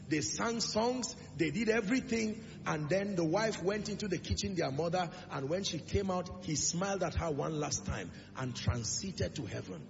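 A man's voice: high-pitched, vocal fry, noisy background. A male preacher giving an emphatic sermon in a church, pressing the congregation with rhetorical questions. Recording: reverberant lo-fi hall recording with music.

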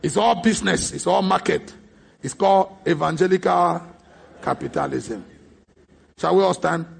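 Raspy, gravelly-voiced preacher man. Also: sits high, normal speed. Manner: emphatic, storytelling preacher who bursts into shouts. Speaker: pastor. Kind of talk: sermon.

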